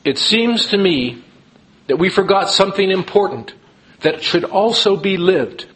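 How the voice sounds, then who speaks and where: A man's voice: sits high, expressive, unhurried, fairly bright tone, voice pushed up, rough recording. A man voicing a restless old ghost. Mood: solemn. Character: old male Anabaptist ghost, restless and yearning.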